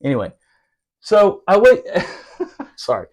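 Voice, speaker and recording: A man's voice: sits high, wildly swooping pitch, slow pace, a little mellow. A man telling a rowdy, profane story about his Marine days, laughing as he goes. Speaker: podcast storyteller, former Marine. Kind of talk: casual storytelling.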